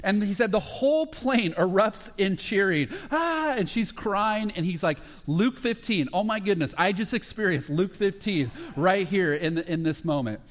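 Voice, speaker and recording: A man preaching a sermon, retelling parables in short phrases with fillers and restarts and growing excited at the high points. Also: normal speed, few pauses. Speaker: pastor.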